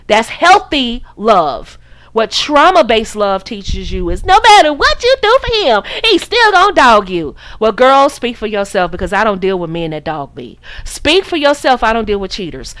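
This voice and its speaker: Woman host, lively, higher voice, sassy and theatrical, dry close sound. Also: dry recording. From United States. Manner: sassy, mocking, theatrical role-play of replies. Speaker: dating coach and host. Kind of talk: podcast-style livestream talk.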